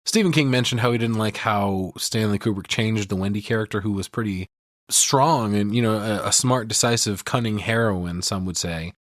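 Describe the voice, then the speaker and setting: A man's voice: lowish voice, moderate pace, no room sound, studio quality. A man hosting a podcast, casually and profanely breaking down a film scene by scene. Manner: profane, retells scenes with mimicked lines. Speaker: podcast host.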